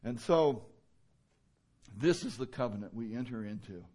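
A man's voice: mid-range voice, lively intonation, moderate pace, warm tone. A man preaching a sermon in a conversational way, with many fillers and rhetorical questions. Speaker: pastor.

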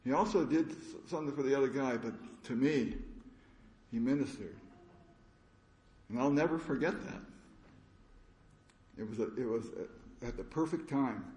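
A man giving a conference sermon, telling stories in a halting, earnest way with many restarts. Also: medium pitch, a little mellow. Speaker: preacher. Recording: echoey room.

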